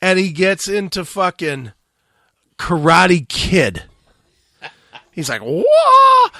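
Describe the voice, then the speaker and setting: A man's voice: sits high, lively intonation, takes it slowly, pushed and bright, no room sound. A man hosting a radio talk show, telling a long profane story and acting out the quotes. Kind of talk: casual storytelling.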